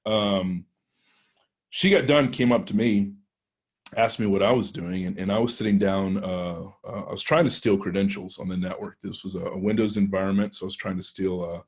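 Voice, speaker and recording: This Texan-accented guest speaker, a penetration tester, has a husky, low voice with a steady tone at normal speed. Addressing a club, he rambles through an anecdote, often hesitating and starting over.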